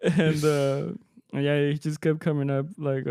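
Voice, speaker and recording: Laughing Mexican-American Texan man, clear voice. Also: a little high, level tone, a little slow, a little mellow, no room sound, clean studio sound. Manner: laughing storyteller, slips between English and Spanish. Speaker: podcast co-host, mariachi musician. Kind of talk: casual chat.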